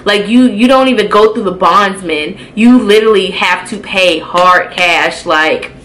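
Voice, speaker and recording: A young woman vlogger telling a casual storytime, animated and profane, acting out her own reactions. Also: medium pitch, unhurried, rough recording. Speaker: beauty vlogger.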